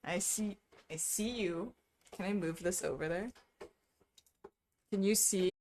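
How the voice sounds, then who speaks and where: A woman's voice: mid-range voice, unhurried, a little mellow, a little hiss or hum. A woman streaming casually, chatting with viewers while she stitches, full of wry asides and frequent laughter.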